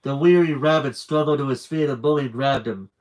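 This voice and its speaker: A man reading a children's book aloud on a live stream with lively, animated narration and chatty asides. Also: mid-range voice, brisk, rough recording.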